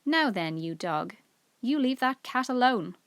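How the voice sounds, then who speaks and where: A woman doing a shrill, deaf little old woman. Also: lively intonation, moderate pace, dry recording, close to an everyday voice. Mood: scolding. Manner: loud, high and scolding.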